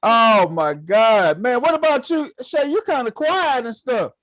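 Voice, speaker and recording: A man's voice: very high voice, lively intonation, a little slow, a bit bright. A man on a casual live panel chat who teases the others in a playful, joking way.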